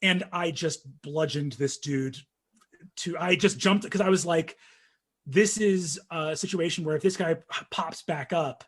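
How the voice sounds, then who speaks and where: A young man telling a story in casual conversation, animated and full of fillers, acting out what people said. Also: on the high side, a little slow, breathy edge. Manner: animated storytelling, acts out quotes, frequent fillers.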